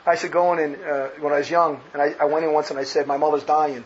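A man's voice: a little high, fairly even intonation, racing. A man giving emphatic, sarcastic commentary on a speech, laughing at his own jabs. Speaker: religious commentator. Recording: dull lo-fi with faint noise.

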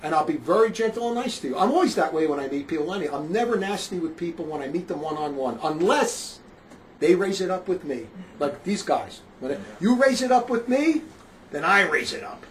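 A man with a notably high voice for his sex talks as a street preacher, rambling and emphatic, circling back over his own phrases. He is from northern New Jersey, and his voice swells into loud, forceful bursts. A faint hum of noise sits behind him. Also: animated, brisk, rough recording. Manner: emphatic, rambling, repeats himself, rises to loud outbursts. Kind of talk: casual spoken monologue.

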